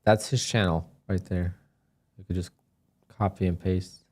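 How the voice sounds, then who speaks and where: A man with a fairly low voice talks loosely through a live day-trading stream. His delivery is relaxed and chatty, and he drifts between market remarks and answers to viewer questions. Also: unhurried. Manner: laid-back, chatty, reads chat questions aloud. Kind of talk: casual live-stream chat.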